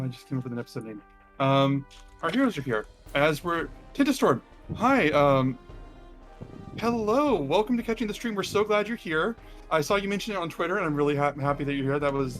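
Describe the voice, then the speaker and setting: A man narrating as game master of a live-streamed tabletop game, relaxed and chatty with many pauses. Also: mid-range voice.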